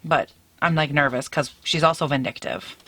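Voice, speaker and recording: A beauty YouTuber in her late twenties chats casually to camera from her bedroom, upbeat and talkative, calling her viewers "girl." Her voice is deep, fairly bright and slightly rough, at a normal speed.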